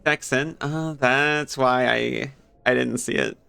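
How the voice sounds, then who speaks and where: A man's voice: mid-range voice, fairly even intonation, slow pace, gravelly, sharp tone, clear, resonant tone, dry recording. A man streaming a video game, chatting casually with viewers and laughing at his own mix-ups. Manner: chatty, giggly, apologetic asides to chat. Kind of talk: casual gameplay commentary.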